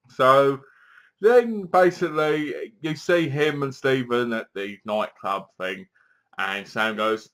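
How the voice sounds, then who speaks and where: A man giving a casual, animated movie review, acting out lines from the film as he goes. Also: mid-range voice, measured pace.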